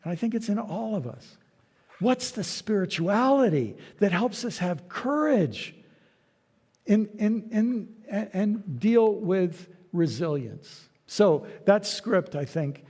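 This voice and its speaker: A guest lecturer in a large church hall speaks in a high, animated, unhurried voice with a darkish tone. His talk is conversational, and he tells stories and acts out short dialogues. Long hall reverb trails his words.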